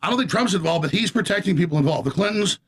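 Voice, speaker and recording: A man's voice: high-pitched, animated, very fast, a bit bright, husky. A man speaking with heated outrage in a political talk show discussion.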